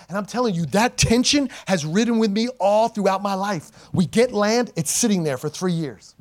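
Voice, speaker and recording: A middle-aged man, a pastor, preaching a sermon to a congregation, calling for responses and swinging between loud and hushed delivery. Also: sits high, expressive, moderate pace, few pauses. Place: church sanctuary before a congregation.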